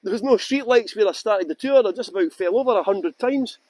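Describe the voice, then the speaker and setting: A man's voice: sits high, normal speed, darkish tone, breathy edge, dry recording. A middle-aged man with a strong Scottish accent, chatting to viewers by name as he leads a live-streamed walking tour through town streets at night, laughing often. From Scotland. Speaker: tour guide.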